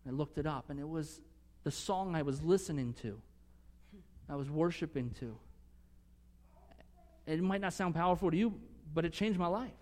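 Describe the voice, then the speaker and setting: A man's voice: fairly high pitch, normal speed, long pauses. Earnest man preaching in a reverberant hall. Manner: earnest, rising to emphatic conviction, dropping to soft near-whispers. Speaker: pastor. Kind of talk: sermon.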